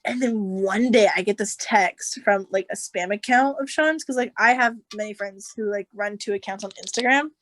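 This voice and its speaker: A young woman recounts a personal story in casual podcast chat, her voice sitting at an everyday middle pitch. She acts out the other people's lines as she goes and fills her sentences with "like." The sound is dry and close. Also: moderate pace, few pauses, no room sound. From United States. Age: young adult. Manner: animated storyteller, acts out quotes, says like a lot. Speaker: podcast guest.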